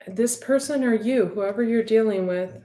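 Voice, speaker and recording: A woman's voice: fairly high pitch, normal speed, dark tone, reverberant. A woman giving an intuitive tarot reading to her viewers, talking in a heartfelt, rambling way with many fillers. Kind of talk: casual spoken intuitive reading.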